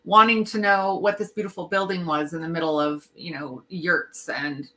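Bright, indignant middle-aged woman. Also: fairly low pitch, steady tone, moderate pace. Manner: indignant, emphatic opinions. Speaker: podcast co-host. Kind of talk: casual discussion.

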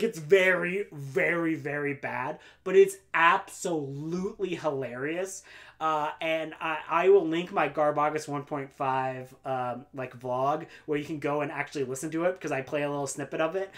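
A man's voice: a little high, fairly bright tone. Young male book vlogger, casual and rambling, self-deprecating, fillers everywhere. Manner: rambling and self-deprecating, full of ums and likes. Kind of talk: casual book tag vlog.

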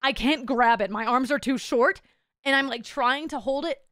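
Young woman, VTuber streamer, high voice, dry sound, casual chat, swears a lot, giggly. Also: moderate pace, fairly bright tone, no echo. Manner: bubbly, swears constantly, giggly storytelling.

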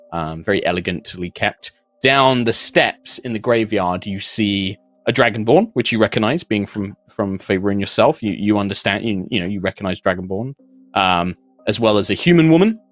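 A British man runs a tabletop game, narrating scenes and characters in a low, unhurried voice. He hesitates and restarts often as he describes the scene. The sound is dry and close, with faint music underneath. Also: a bit bright, dry recording. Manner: hesitant, with many fillers and restarts. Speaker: game master.

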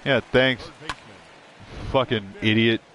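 Male streamer, mid pitch, rambling and foul-mouthed, casual let's-play chat. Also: fairly even intonation, slow pace, fairly bright tone. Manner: rambling, profane, blunt. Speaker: gaming streamer.

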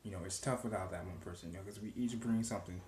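Young guy rambling about a show, low voice, swears a lot, echoey room w/ faint hiss. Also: quick pace, darkish tone. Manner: loose, profane, many "you know" fillers. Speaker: TV show reaction vlogger. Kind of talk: casual spoken recap.

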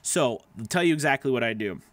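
A man's voice: medium pitch, expressive, fast talker, dry recording. Voice actor guy chatting on his stream, lots of ums and restarts, dry close sound. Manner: rambling, with many fillers and restarts; reads out and answers viewer comments by name. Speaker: voice actor hosting a live stream. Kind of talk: casual live-stream advice chat.

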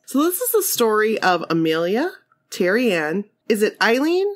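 A woman's voice: mid-range voice, big pitch swings, moderate pace. A woman co-hosting a podcast in casual chat, giggly and emotional, sniffly with a cold. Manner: giggly, emotional, laughs to tears. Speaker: podcast co-host.

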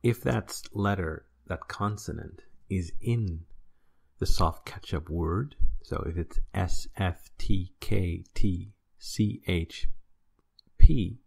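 Man, deep voice, gravelly, casual tutor, patient explanations, online lesson. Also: slow pace. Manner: relaxed, explanatory, frequent "uh" and "right?". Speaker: language teacher.

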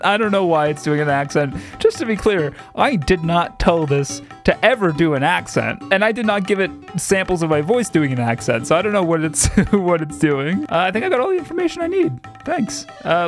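A young male gaming YouTuber talking casually and with lots of excitement. He jokes constantly, and his voice swings up and down. Faint background music plays under his talk. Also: a little high. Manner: excitable, joking, lively.

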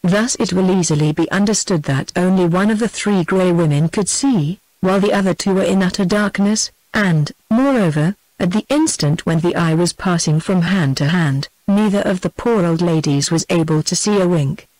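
A text-to-speech woman's voice with a British accent, reading a storybook aloud in an even, synthetic cadence. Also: fairly low pitch, normal speed, hardly any pauses, no room sound, rough recording. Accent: British English. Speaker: audiobook narrator. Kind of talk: text-to-speech audiobook narration.

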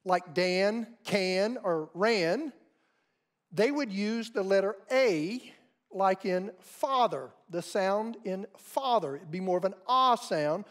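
An American man preaching a sermon as pastor, measured and deliberate, walking through pronunciations. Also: sits high.

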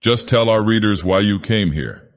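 A man's voice: on the low side, normal speed, natural voice. A man doing a pushy, fawning young reporter. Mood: eager. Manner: ingratiating, pushy. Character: eager, smooth-talking young male reporter.

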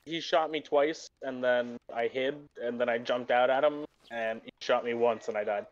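A man chatting over a voice call while gaming with a friend, teasing her in a dry, deadpan way. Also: mid-range voice, normal speed, lo-fi sound.

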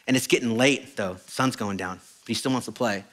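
Animated, bright-voiced male pastor. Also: medium pitch, brisk. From Mexican heritage. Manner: animated, self-deprecating storytelling with laughs. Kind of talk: storytelling sermon. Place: church auditorium.

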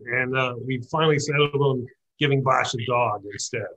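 Matter-of-fact man with a bright voice. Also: mid-range voice, fairly even intonation, normal speed, poor audio. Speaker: novelist, guest. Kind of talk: casual chat. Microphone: video call.

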